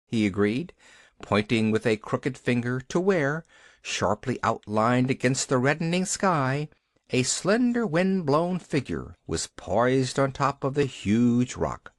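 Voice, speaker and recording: Animated audiobook narrator, dry sound. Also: medium pitch, slow, no room sound. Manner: expressive, animated reading. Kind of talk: scripted storybook narration.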